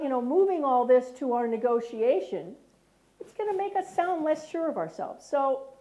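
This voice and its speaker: A woman's voice: high voice, dark tone. A middle-aged American woman giving a lecture, often checking in with the audience by asking "right?". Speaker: speaker. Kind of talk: lecture talk.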